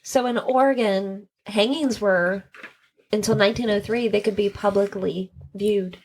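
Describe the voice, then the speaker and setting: Woman, podcast co-host, casual chat, informal, mid pitch. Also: measured pace. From Northern Kentucky. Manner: relaxed, informal, uses "like" a lot, laughs along.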